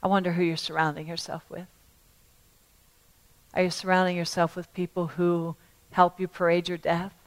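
A woman preacher delivering a sermon to a congregation, emphatic and repetitive, swinging from loud appeals to hushed words. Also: lowish voice, level tone, moderate pace, long pauses, rough recording. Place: church service.

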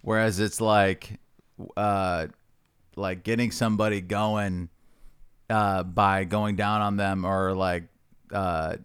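A man's voice: low voice, flat delivery, slow pace, a bit bright, clean tone, no echo, clean studio sound. A young man joking crudely in loose podcast chat. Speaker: podcast co-host. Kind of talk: casual chat.

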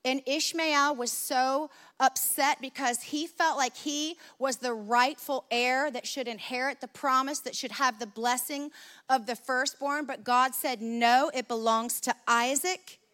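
A woman preaching a sermon, telling stories in a lively, conversational way. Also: high-pitched, unhurried.

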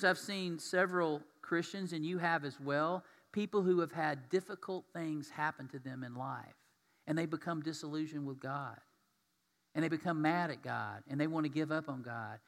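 A man's voice: a little high, fairly bright tone. A man preaching a sermon as pastor, talking conversationally and putting questions to his congregation. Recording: long reverb of a large hall.

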